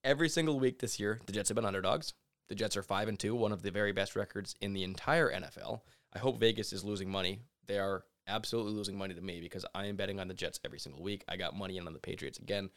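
A man with a somewhat low voice co-hosting a sports podcast. He talks casually and with opinions, and he gets animated when he makes his case. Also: very fast. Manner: animated, opinionated, mimics people in asides. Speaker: podcast co-host.

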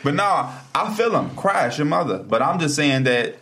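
A man's voice: on the high side, sing-song, moderate pace, fairly bright tone, slightly rough. A man co-hosting a podcast, giving his takes on basketball in loose, slangy banter. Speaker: podcast co-host. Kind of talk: casual basketball chat.

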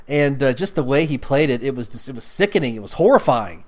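A man co-hosting a casual film discussion, joking and talking in a quick, animated way. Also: mid-range voice. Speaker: podcast co-host.

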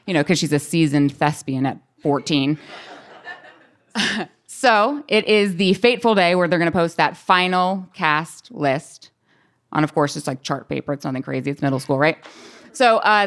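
A woman, a teacher, telling a personal story on stage with lively quoted voices and laughter. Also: on the low side, normal speed. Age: adult. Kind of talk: live storytelling.

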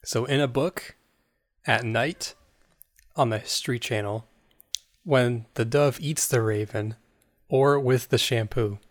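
A man in a casual podcast chat cracks dry jokes while weighing answers. His voice sits at an ordinary middle pitch. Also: slow pace, long pauses. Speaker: podcast co-host.

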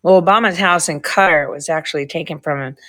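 A fast-talking woman with a low-pitched, fairly bright voice hosts a livestream, with slight background noise. She chats casually with a co-host, rambling between stories and swearing freely.

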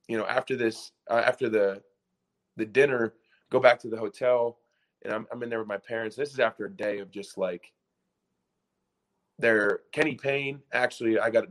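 A man in his twenties, a podcast guest and former college basketball player, telling a story in a casual, animated way with lots of "like" and restarts. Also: lowish voice, moderate pace, pauses often.

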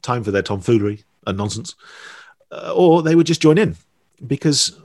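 A man's voice: mid-range voice, darkish tone, breathy edge, no echo, clean studio sound. A man telling stories in a rambling, playful podcast chat. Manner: rambling, chatty storyteller with fillers and playful asides. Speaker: podcast guest. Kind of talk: casual conversation.

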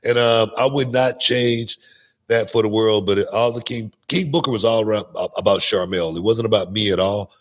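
A middle-aged man, a guest on a podcast, telling stories in a lively way and often repeating his words. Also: lowish voice. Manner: animated storyteller, repeats words, quick restarts. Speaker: guest, former wrestler. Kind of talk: casual podcast interview storytelling.

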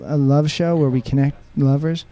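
A man's voice: a little high, steady tone, normal speed, dark tone. A young man hosting a live radio show, chatting loosely and joking with many fillers. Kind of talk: casual live radio chat.

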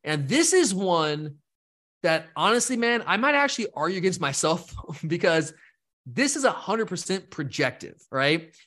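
A man co-hosting a sports podcast, talking fast and rambling, with lively asides. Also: high-pitched. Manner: animated, rambling, mimics fans in quotes. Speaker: podcast co-host. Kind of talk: casual sports talk.

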